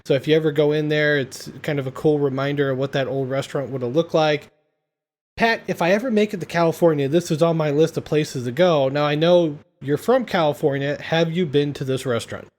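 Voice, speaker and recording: A man's voice: fairly high pitch, a little fast, a little mellow. A man hosting a casual podcast, retelling a comedy film scene by scene and laughing often. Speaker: podcast host.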